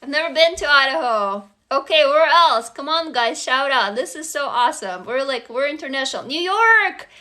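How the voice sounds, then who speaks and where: A woman from Russia hosting a casual live stream, frank and animated, swearing freely and calling out excited shout-outs to viewers, talking into a phone. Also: high-pitched, normal speed, few pauses. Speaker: livestream host and writing teacher.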